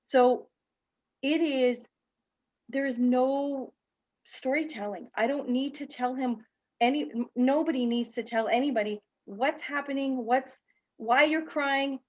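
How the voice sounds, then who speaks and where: A woman speaks in a high-pitched, unhurried voice, and the recording has its highs cut off. Appearing by video call as a guest speaker and teacher in a panel talk, she frankly tells her own story while acting out its characters.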